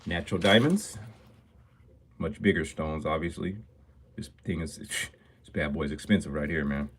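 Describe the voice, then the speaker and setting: A man's voice: extremely low pitch, moderate pace, slight background noise. A man, a jeweler, chatting casually and upbeat with viewers on a phone live stream from his shop. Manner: talkative and upbeat, greets viewers often.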